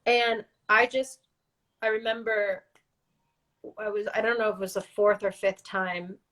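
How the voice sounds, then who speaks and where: A woman's voice: medium pitch, little pitch movement, fairly bright tone, rough recording. Tearful woman telling a personal story. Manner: earnest, halting, faith-driven storytelling. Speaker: guest. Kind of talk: emotional personal interview.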